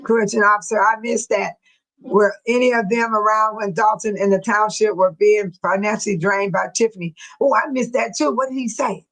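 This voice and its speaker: A woman's voice: mid-range voice, steady tone, fairly quick, fairly bright tone, low-quality recording. A woman hosting her own channel in casual live-stream chat, laughing often and mimicking other people in exaggerated voices. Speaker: channel host.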